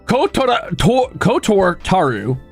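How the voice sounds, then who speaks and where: A young man streaming casually, reading viewer comments aloud and ranting with lots of swearing, flipping between outrage and mock calm. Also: high-pitched, takes it slowly, soft background music. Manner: profane, excitable ranting that swings to mock calm.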